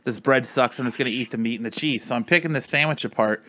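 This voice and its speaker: A man with an average-pitched voice tells a rambling story to friends, acting out everyone's lines. The sound is dry and close, with almost no room around him. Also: fast, bright, forceful tone, dry recording. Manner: rambling anecdote full of "like" and quoted dialogue. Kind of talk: casual chat.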